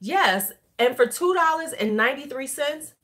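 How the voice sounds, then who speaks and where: Tipsy middle-aged woman, loud and chatty beauty vlogger, swears easily. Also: sits high, expressive, moderate pace. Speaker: beauty YouTuber. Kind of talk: casual livestream chat.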